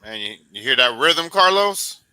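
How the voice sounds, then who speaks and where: A man hosting a sports podcast interview, talking in a loose, encouraging, coach-like way and beating out rhythms with repeated boom sounds. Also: big pitch swings, moderate pace, very noisy. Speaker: podcast host. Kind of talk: casual sports interview chat.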